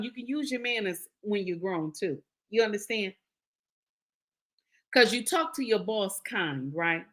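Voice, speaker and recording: A woman's voice: mid-range voice, fairly bright tone. A woman hosting a live stream, giving casual marriage advice to her viewers. She repeats her points, checks in with "okay?" and calls listeners "baby.". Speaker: live-stream host reading viewer comments.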